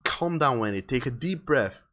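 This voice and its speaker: A man voicing a weary small-town male detective who talks in a steady, matter-of-fact way. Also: medium pitch, moderate pace, close to an everyday voice.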